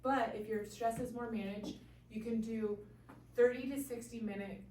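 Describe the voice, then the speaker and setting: A woman's voice: fairly high pitch, steady tone, normal speed, dark tone. Woman chiropractor walking a group thru health tips, lots of "okay?", distant mic, bit of hiss. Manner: earnest, explanatory, frequent "okay?" check-ins. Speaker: chiropractor giving a talk. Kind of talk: explanatory health talk to a live group. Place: room with a small audience. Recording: echoey room, voice from far off.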